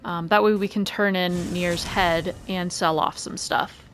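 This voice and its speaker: A woman doing let's play commentary, calmly calling out each move and roll of a turn-based game. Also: on the low side, unhurried, slight background noise. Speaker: gaming video creator. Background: faint game music.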